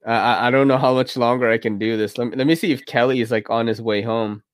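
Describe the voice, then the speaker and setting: A man's voice: medium pitch, steady tone, quick pace, no room sound, studio quality. A man hosting a podcast while drunk, rambling casually between laughs and curses. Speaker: podcast host.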